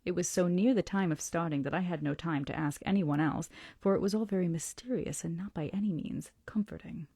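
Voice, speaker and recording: A woman hosting a book club, reading a novel aloud slowly and deliberately, often dropping into whispers. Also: lowish voice, warm tone, husky, no echo, studio quality. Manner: slow, deliberate, dips into whispers.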